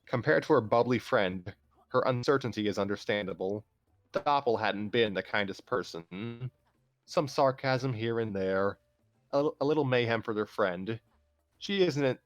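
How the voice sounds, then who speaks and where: A man calmly narrating a fan story aloud on a livestream, steady with small restarts. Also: lowish voice, no echo. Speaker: storyteller host.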